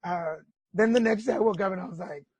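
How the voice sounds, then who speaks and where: A man's voice: high-pitched, quick pace, background noise. A middle-aged man hosting a podcast in a casual chat, telling candid stories with feeling and swearing freely. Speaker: podcast host.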